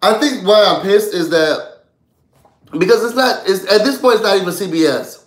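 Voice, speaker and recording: A man's voice: high-pitched, lively intonation, normal speed, reverberant. A man hosting a live reality-show recap, ranting heatedly with lots of profanity. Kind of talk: live stream rant.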